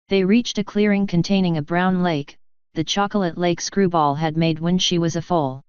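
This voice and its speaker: A woman narrates a story in a steady storybook reading with a low, very clear voice. The recording is dry and close. It sounds a little muffled. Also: normal speed, dry recording. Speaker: fanfiction reader.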